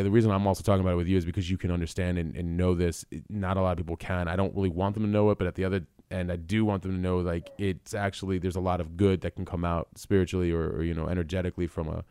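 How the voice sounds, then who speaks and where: A man hosting a podcast interview, earnest and encouraging, talking quickly. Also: deep voice, a little mellow, clear, resonant tone, no echo, studio quality. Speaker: podcast host. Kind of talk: conversational interview.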